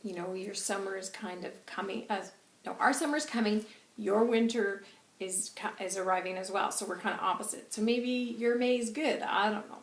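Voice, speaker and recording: A woman's voice: mid-range voice, normal speed. A woman channeller chatting through a monthly reading, rambling and laughing as she goes. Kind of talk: casual spoken reading. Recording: roomy with faint hiss.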